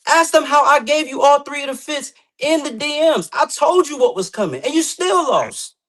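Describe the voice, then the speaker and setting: A man's voice: very high-pitched, expressive, moderate pace, a bit bright. A man in casual podcast banter, boasting and trash-talking a rival. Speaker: guest competitor.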